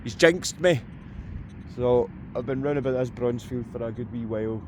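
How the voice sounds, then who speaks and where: A man's voice: medium pitch, normal speed, a little mellow, a little hiss or hum. A man with a Scottish accent, chatting and joking to viewers while metal detecting in farm fields. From Scotland. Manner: jokey, chatty, talks to viewers. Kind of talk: casual vlog narration outdoors. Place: open farm fields outdoors.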